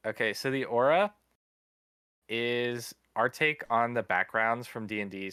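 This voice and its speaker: A man's voice: fairly low pitch, fairly bright tone, smooth, no echo, clean studio sound. A man casually explaining game rules, walking through the steps one by one.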